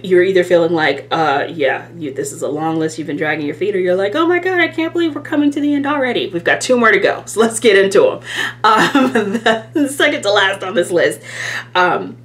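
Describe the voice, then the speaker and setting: A woman's voice: on the low side, a little hiss or hum. A woman chatting casually to camera as a planner vlogger, rambling and self-deprecating, with lots of fillers.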